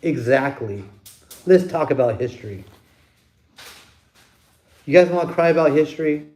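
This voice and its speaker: A man's voice: on the high side, expressive, moderate pace, a little mellow. A man hosting his own channel, delivering a blunt, profane opinion rant with plenty of emphasis. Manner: blunt, emphatic, heavy swearing. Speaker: channel host.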